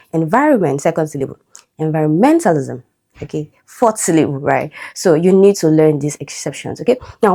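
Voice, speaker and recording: Woman tutor going over exam answers, lowish mellow voice, keeps saying okay. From Nigeria. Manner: explanatory, checks in with frequent "okay?". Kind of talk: teaching a test-prep lesson.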